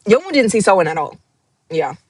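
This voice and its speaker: Sing-song and fairly quick, this woman's medium-pitched voice has a slightly rough edge and no room sound. She wears glasses and sits at her screen hosting a relaxed book club stream, where rereading passages leaves her emotional, laughing and close to tears.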